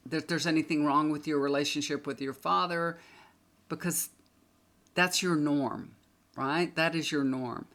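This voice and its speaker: A woman's voice: sits low, a bit bright. A woman tarot reader talking casually to a camera, chatty and emphatic, repeating points for stress.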